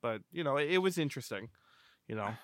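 A man's voice: mid-range voice, expressive, fast, no echo, clean studio sound. A man hosting a podcast, meandering through a casual film discussion with lots of hedging and fillers. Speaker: podcast host.

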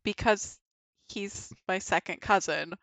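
A woman's voice: mid-range voice, slow, vocal fry, fairly bright tone, no room sound. A young woman casually telling a frank, laughing story on a podcast, swearing freely and acting out her own reactions. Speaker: guest.

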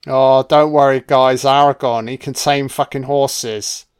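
A man's voice: medium pitch, steady tone, measured pace, smooth. A man giving a casual, jokey, sweary film commentary. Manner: laid-back, sweary, jokey.

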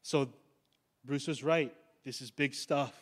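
A male pastor preaching a sermon in a conversational, urgent way, slowing down on key words. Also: medium pitch, steady tone. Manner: conversational preaching, slows down for emphasis.

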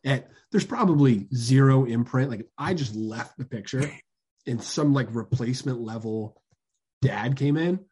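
A man's voice: mid-range voice, normal speed, mellow, breathy edge. A man in his thirties co-hosting a casual chat podcast, telling stories loosely and cursing as he jokes. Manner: loose, profane, joking storyteller. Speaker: podcast co-host.

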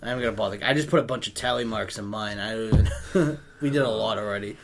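A man's voice: fairly low pitch, quick pace, gravelly, heavy background noise. A man chatting casually, telling funny stories with lots of laughter and acting out what others said. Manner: giggly storyteller, laughs often, acts out quotes. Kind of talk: casual chat.

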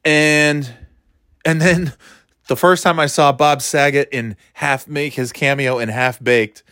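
A man, talking in a rambling, profane, animated way, dropping into quick impressions. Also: fairly high pitch, smooth, no room sound, studio quality. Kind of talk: casual comedic monologue.

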